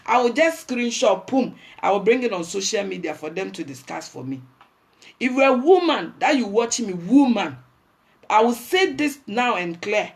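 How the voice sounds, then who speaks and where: A woman's voice: medium pitch, expressive, moderate pace. A woman with a Ghanaian accent, hosting a livestream and delivering a blunt, preachy rant that scolds her viewers. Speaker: livestream host.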